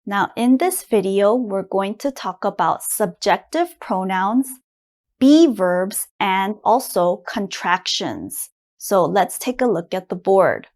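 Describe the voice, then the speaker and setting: A woman teaching beginner English grammar at a board, patient and clearly enunciated, repeating words for learners to copy. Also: medium pitch, expressive, slow pace, a little mellow. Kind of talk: slow beginner grammar lesson. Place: classroom at a board.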